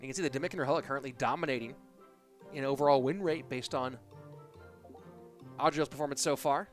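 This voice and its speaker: A man's voice: medium pitch, fast. A man casting a live esports match, chatting casually and answering viewers between plays. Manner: chatty, reads and answers chat while casting. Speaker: esports caster. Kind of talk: live game commentary. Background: music.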